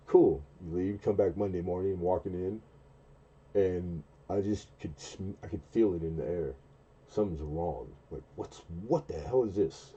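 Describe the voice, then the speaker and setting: A livestream host in his forties rambles through a long story on a casual late-night stream, halting, using lots of fillers and often restarting mid-sentence. His voice has a breathy edge, the sound is lo-fi, and he acts out quoted dialogue in a much higher, louder voice.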